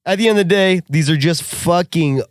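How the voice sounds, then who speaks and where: A man co-hosting a casual podcast, ranting in a profane, animated way and laughing often. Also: high-pitched, a little fast, clear, resonant tone, no echo, clean studio sound. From Russia. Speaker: podcast co-host. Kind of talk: casual chat.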